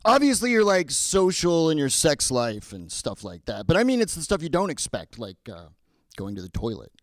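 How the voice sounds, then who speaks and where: A man's voice: a little high, huge pitch swings, normal speed, dry recording. A man in his thirties doing a stand-up set, self-deprecating and stammering into his punchlines. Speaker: stand-up comedian. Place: comedy club stage.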